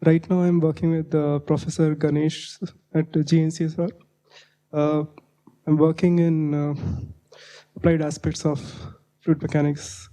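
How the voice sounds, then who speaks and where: A young male undergraduate in his twenties introducing himself, halting, with many fillers. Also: fairly high pitch, level tone, warm tone, rough recording. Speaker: undergraduate student. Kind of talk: self-introduction.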